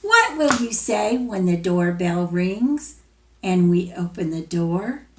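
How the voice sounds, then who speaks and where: A woman teacher reads a picture book aloud to little children, gentle and playful. She takes it very slowly, with a lively pitch that rises and falls through every question she asks them. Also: background noise.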